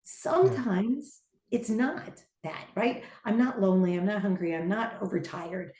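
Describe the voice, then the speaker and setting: A middle-aged woman teaching on a podcast, an animated storyteller who acts out the voices she quotes. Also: medium pitch, unhurried. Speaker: podcast guest, teacher and trainer. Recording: echoey room.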